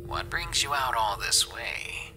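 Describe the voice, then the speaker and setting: A man's voice: medium pitch, lively intonation, slow. A man voicing a menacing male trucker killer who taunts in a sinister whisper over the radio in a storybook horror reading. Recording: whisper over loud dark music.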